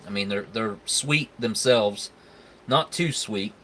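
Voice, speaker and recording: A man's voice: fairly low pitch, takes it slowly, pushed and bright, slight background noise. A man, hosting a casual live stream where he tastes food and chats with viewers in a laid-back, rambling way. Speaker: live stream host reviewing military rations.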